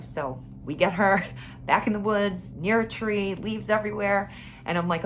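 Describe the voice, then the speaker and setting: A woman's voice: mid-range voice, moderate pace, a little hiss or hum. A mother telling a funny family story in a casual way, laughing often and ending with a motivational message.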